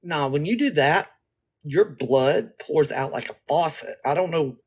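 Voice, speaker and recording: Guy with a high voice rambling through a story, slangy and animated, talks right at you. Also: a little slow, husky. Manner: animated, slangy and rambling, addresses listeners directly. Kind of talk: casual storytelling talk.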